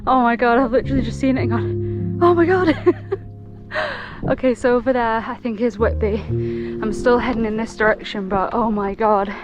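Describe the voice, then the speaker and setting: An excitable, chatty woman, talking casually to camera while hiking outdoors, laughing often. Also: a little high, brisk, muffled recording, music in the background. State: out of breath. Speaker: solo hiker vlogger.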